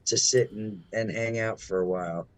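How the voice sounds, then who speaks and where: A man's voice: on the low side, steady tone, normal speed, dry recording, rough recording. A man co-hosting a casual livestream, talking to the viewers in a laid-back, easygoing way. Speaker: livestream co-host.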